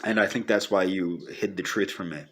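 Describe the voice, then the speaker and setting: A man speaking a personal video message to the camera, earnest and pleading, halting and repeating himself as he holds back tears. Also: deep voice, a bit bright. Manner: halting and repetitive, restarting sentences. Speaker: vlogger.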